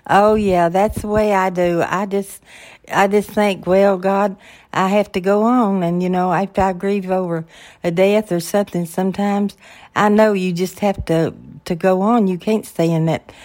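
An older woman, the host's mother, chatting casually in a soft voice with short, simple replies. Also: mid-range voice, steady tone, measured pace. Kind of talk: casual chat.

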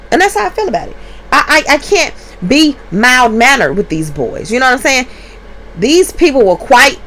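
A woman, a stay-at-home mother hosting her podcast from home in a blunt, profane, emphatic monologue that jumps up in pitch when she gets heated. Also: fairly bright tone. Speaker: podcast host. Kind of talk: candid monologue. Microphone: podcast mic.

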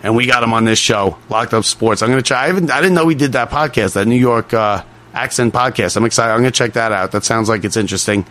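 A male sports talk host with a mid-range voice chats in a loose, easygoing way. He piles up quick affirmations and casual asides. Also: medium pitch, fairly bright tone.

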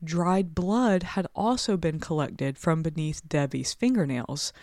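Woman, true crime podcast co-host, low-pitched and chatty, close and dry sound. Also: measured pace, dark tone, dry recording. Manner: casual, chatty, with frequent 'like'. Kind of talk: true crime podcast chat and scripted narration.

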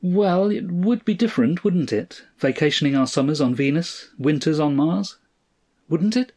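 A man voicing a bewildered young wife, with a high, rising, pleading manner. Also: lively intonation, moderate pace, darkish tone. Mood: coaxing.

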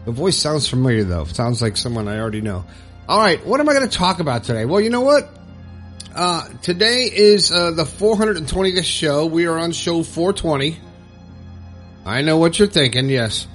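A man's voice: a little high, big pitch swings, moderate pace, a bit bright, faint music behind. A man hosting his own podcast, talking in a chatty, upbeat, folksy way. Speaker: podcast host. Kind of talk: casual solo podcast talk.

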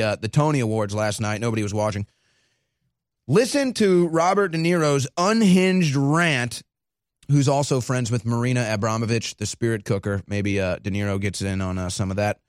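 A man hosting a political commentary show, excitable and mocking, often breaking into laughter. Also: mid-range voice, dry recording, studio quality. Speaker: host.

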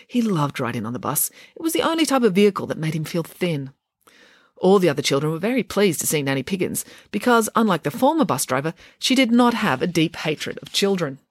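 Lively woman reading an audiobook. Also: on the low side, no echo, studio quality. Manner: lively, playful storytelling. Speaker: narrator. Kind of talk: audiobook narration.

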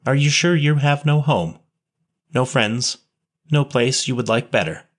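A man's voice: mid-range voice, unhurried, voice pushed up, close to an everyday voice. A man voicing a kindly nun who questions a street boy tenderly, reading a story aloud. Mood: tender, pleading. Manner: tender, pitying, coaxing. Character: kindly gentle nun, adult woman.

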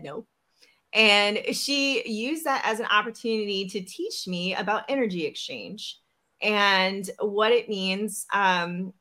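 A woman telling a personal story in a casual podcast chat, animated and acting out the lines of the people in it. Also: medium pitch. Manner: animated, acts out quoted dialogue. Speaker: podcast host.

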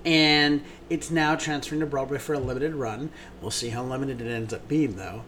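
A man's voice: mid-range voice, normal speed, fairly bright tone, slight background noise. A man co-hosting a theater podcast, gushing enthusiastically about shows in casual chat, with many ums.

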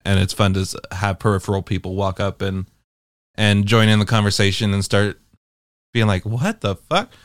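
A man's voice: lowish voice, monotone, normal speed, clear, resonant tone, dry recording, clean studio sound. A man giving casual, wry and profane commentary as he explores social game worlds.

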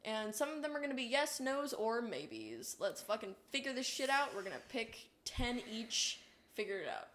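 A young adult woman co-hosting a casual podcast, swearing freely and often breaking into loud laughter. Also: on the high side, sing-song, normal speed, a little hiss or hum. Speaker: podcast co-host.

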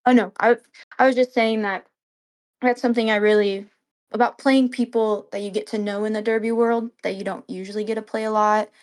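A woman's voice: medium pitch, fairly even intonation, fairly quick. A woman co-hosting a podcast, chatting in an easygoing, encouraging way. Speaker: podcast co-host. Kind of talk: casual podcast chat.

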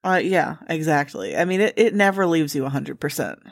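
A woman's voice: sits low, sing-song, fairly quick, gravelly, dry recording. Candid woman co-host, dry close sound. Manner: candid, swears freely. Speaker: podcast co-host. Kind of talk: casual chat.

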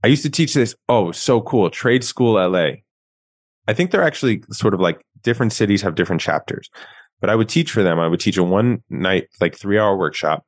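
Deep-voiced man telling stories animatedly. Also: a little fast, no room sound. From Queens, New York. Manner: animated, self-mocking storyteller. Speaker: guest author. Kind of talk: storytelling in a casual interview.

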